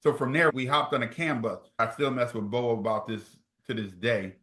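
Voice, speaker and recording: A middle-aged man from New Jersey, once a college football player, tells stories as an interview guest, animatedly acting out quoted dialogue. His voice is mid-range at a normal speed, and the room gives a noticeable echo.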